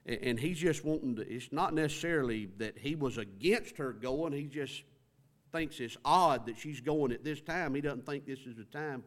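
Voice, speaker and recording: A middle-aged man preaching in a relaxed, folksy way, as if talking to friends from the pulpit. His voice sits in a middling pitch. He slips into the people in the story as he quotes them. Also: moderate pace. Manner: conversational, folksy, acts out quoted lines. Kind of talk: sermon.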